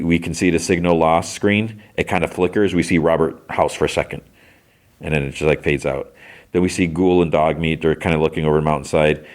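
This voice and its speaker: Podcast host, man, very low voice, loose rambling recap, lots of fillers. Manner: rambling, hesitant, lots of "like" and "you know". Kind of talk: casual episode recap.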